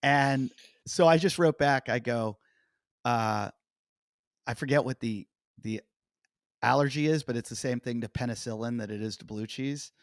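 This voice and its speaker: A man chats on a podcast, telling a story and acting out every exchange with the people in it. His pitch sits at an ordinary middle. He is recorded close and dry, with no room sound. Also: moderate pace, dry recording. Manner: animated storyteller, acting out quotes. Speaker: comedian and podcast host. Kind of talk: casual podcast chat, storytelling.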